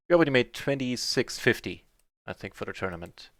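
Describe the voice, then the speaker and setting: A man streaming live poker, chatting through his hands in a mutter that breaks into excited shouts on big wins. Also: mid-range voice, fairly quick, no echo, studio quality.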